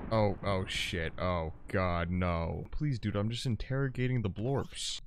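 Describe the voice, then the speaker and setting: A young man giving crude, joking running commentary while playing a game, with sudden loud outbursts. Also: lowish voice, a little slow, background noise. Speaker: gaming YouTuber. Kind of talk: casual gameplay commentary.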